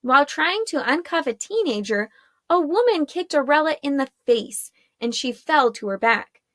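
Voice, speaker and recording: A woman's voice: sits high, expressive, moderate pace, fairly bright tone, no echo. Woman narrating a story, dry close sound. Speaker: audiobook narrator. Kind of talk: scripted narration.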